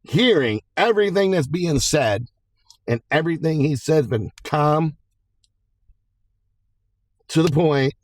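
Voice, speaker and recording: A man's voice: fairly high pitch, lively intonation, takes it slowly, long pauses, no room sound, voice pushed up. A man telling a story while putting on the voice of a stern, no-nonsense woman judge who scolds firmly and emphatically. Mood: stern scolding.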